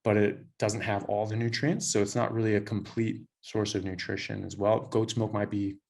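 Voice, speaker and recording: Low, easygoing man from Southern California, a doctor telling stories with restarts. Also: flat delivery, moderate pace, gravelly, a little mellow. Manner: storytelling, laughing, frequent restarts. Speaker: doctor, guest. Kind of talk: casual interview chat.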